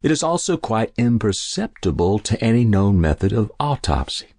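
A man voicing a calm, sly old potion seller who talks politely and indifferently. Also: on the low side, moderate pace, dry recording, studio quality. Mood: suave, indifferent.

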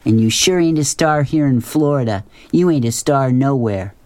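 A man's voice: mid-range voice, moderate pace, darkish tone, lightly acted. A man voicing a taunting rural bully boy with jeering slang.

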